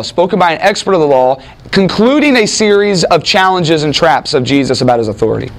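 A man preaching in a conversational Bible teaching, talking with his listeners and acting out quoted speakers with lively emphasis. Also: a little high, fast talker. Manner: animated, acts out quoted speakers, frequent restarts. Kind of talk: conversational sermon with audience interaction.

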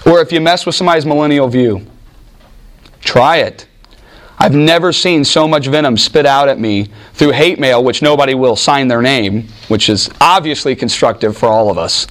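A man teaching a Bible class in an animated, informal way, restarting sentences often and acting out what people say. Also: mid-range voice. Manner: animated, with frequent restarts and acted-out quotes. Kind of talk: informal teaching talk with anecdotes.

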